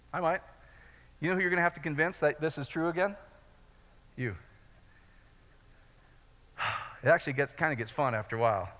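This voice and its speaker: A man preaching a sermon in a loose, joking way, asking the crowd questions and building up to loud declarations. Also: a little high, big-room sound. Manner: conversational preaching with jokes and rising shouts. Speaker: pastor.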